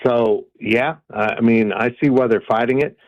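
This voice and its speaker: A man joining a sports radio show as a guest reporter, answering in a measured way with many pauses. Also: mid-range voice, steady tone, vocal fry, no room sound, lo-fi sound. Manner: measured, many ums and uhs. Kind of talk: radio phone interview.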